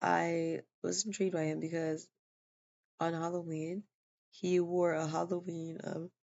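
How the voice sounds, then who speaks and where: A woman's voice: lowish voice, level tone, a little slow, creaky, a little mellow. A tired, yawning woman telling a personal story in a casual, rambling way, with lots of fillers and restarts. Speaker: vlogger sharing a personal testimony. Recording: dull lo-fi recording.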